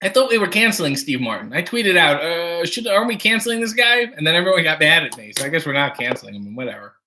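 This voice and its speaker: A man's voice: a little high, lively intonation, fast talker, bright, forceful tone. A man hosting a casual livestream from his home kitchen, reading viewer donations and tossing off dry, wry jokes while making coffee. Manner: wry, dry joking asides.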